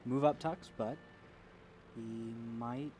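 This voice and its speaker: A man giving live play-by-play commentary on an esports tank match, getting louder and quicker as the fights heat up. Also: mid-range voice, slight background noise. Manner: rises to excited calls during fights. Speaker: esports caster.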